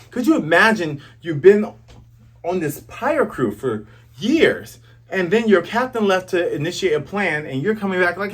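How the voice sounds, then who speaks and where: A man hosting a casual, jokey comic chapter review, recapping scenes with excited asides. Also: high voice, fairly quick, slightly rough. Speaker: host.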